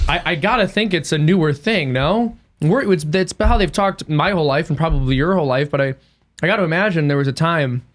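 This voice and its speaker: Talkative American man, fairly high voice. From United States. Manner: talkative, musing, many restarts. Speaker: podcast guest. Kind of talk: casual chat.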